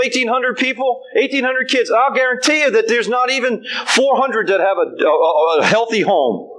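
A man's voice: very high voice, normal speed, hardly any pauses, fairly bright tone, slight background noise, low-quality recording. An older man preaching a sermon, emphatic and repeating his refrains.

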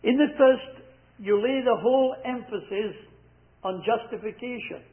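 A man preaching a sermon, repeating scripture lines slowly and with emphasis. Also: extremely high pitch, breathy edge. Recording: tinny phone-like sound.

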